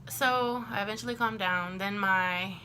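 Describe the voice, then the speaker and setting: A bright, clear-toned young woman from Texas talks straight to her camera, chatty and animated, acting out every quote. A faint room ambience sits behind her voice. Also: medium pitch, unhurried, slight background noise. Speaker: vlogger. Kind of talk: casual storytime.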